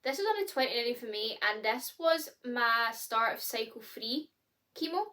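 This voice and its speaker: Bright chatty Scottish young woman. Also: a little high, normal speed. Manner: chatty, many fillers, candid and expressive. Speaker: vlogger. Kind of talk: casual chat to camera.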